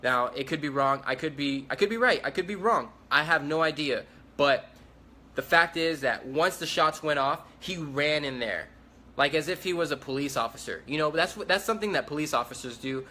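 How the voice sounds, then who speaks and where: A man's voice: on the high side, normal speed, sharp tone. A young man giving a rambling, repetitive eyewitness account in a casual livestream. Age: young adult. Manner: rambling, repetitive, urgent retelling. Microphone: phone livestream.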